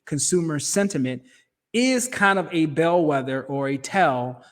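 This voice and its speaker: A man's voice: on the high side, lively intonation, a little slow. A man with a Midwestern accent hosting a finance show, giving casual, emphatic commentary over a shared screen. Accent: Midwestern American. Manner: conversational and emphatic, with restarts and slang.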